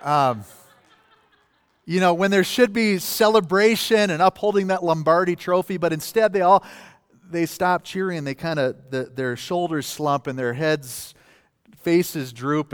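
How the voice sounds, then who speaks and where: Reverberant male pastor preaching. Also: a little high. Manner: conversational preaching, rising to forceful scripture reading. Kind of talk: sermon.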